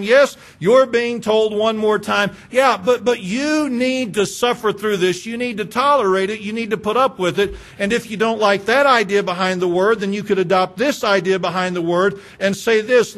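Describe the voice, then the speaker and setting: A man preaching a sermon, earnest and pleading, asking his congregation questions and slowing down for emphasis. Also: sits high, a bit bright. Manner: talks directly to congregation with rhetorical questions. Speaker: pastor.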